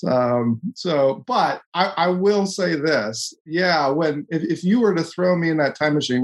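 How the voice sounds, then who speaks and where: A man from the Coast, talking in an earnest, self-deprecating, halting way as a podcast co-host in a casual discussion. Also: fairly high pitch. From US West Coast.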